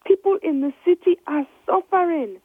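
A woman reading a storybook voices an eager, kind-hearted little girl, speaking high and crying out. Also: normal speed, no room sound. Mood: upset. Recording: dry, tinny phone-like line.

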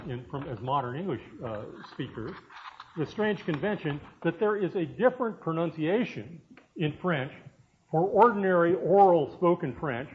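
Man in his 60s, professor giving a chatty classroom lecture, slightly high voice, dull lo-fi recording. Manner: conversational, frequent "uh" fillers, asides to students. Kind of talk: university lecture.

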